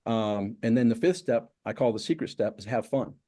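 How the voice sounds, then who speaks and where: A middle-aged man with a lowish, dark voice speaks at a moderate pace while being interviewed as a success coach. His answers come as emphatic, repeated lists of steps.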